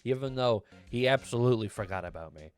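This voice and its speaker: Animated, laughing male streamer. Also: mid-range voice, fast. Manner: rambling, laughs often, animated. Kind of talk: casual gameplay chat.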